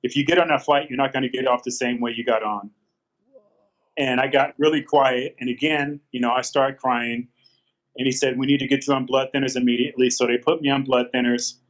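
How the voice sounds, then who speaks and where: A man in his fifties tells his own story as an interview guest. He talks haltingly and circles back with fillers and restarts. The sound is dull and lo-fi. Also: medium pitch, fairly even intonation. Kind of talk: candid storytelling.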